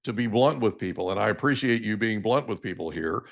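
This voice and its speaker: A man's voice: on the low side, lively intonation, fairly quick, vocal fry. A middle-aged man hosting a podcast interview, enthusiastic and affirming toward his guest. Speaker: podcast host. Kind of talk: casual interview chat.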